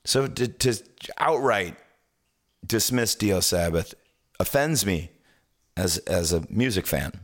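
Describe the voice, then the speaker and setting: A man co-hosting a casual music podcast, telling stories with many stammered restarts. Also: slow pace. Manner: animated storyteller, swings pitch wide, stammers on restarts. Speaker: podcast co-host. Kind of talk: casual chat.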